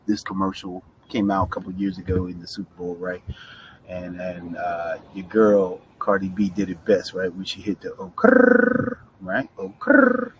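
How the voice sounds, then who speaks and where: A middle-aged man with a fairly low voice gives a casual Spanish pronunciation lesson, sliding easily between Spanish and English. He keeps checking in with the learner as he goes. A faint room ambience sits under his voice. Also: background noise. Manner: chatty, mixes Spanish and English, frequent "right?" check-ins. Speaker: Spanish teacher.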